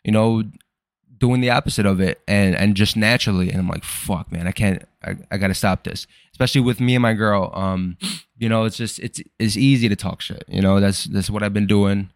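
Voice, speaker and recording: A man's voice: on the low side, fairly even intonation, brisk, clear, resonant tone, no echo, studio quality. A young man hosting a podcast, rambling through a casual, profane and self-deprecating personal monologue. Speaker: podcast host.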